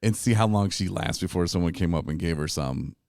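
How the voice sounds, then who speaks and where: A man with a very low voice hosts a casual podcast chat, telling animated stories and laughing along the way. The sound is dry and close, with no room around him. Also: fairly quick, dry recording. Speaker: podcast host. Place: recovery retreat.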